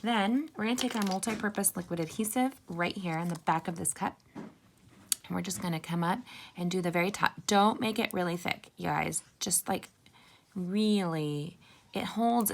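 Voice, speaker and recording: A woman's voice: fairly low pitch, normal speed, creaky, slight background noise. A woman giving a chatty, upbeat card-making tutorial and talking straight to her viewers. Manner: chatty, upbeat, addresses viewers as "you guys" and "sisters". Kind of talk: casual crafting tutorial.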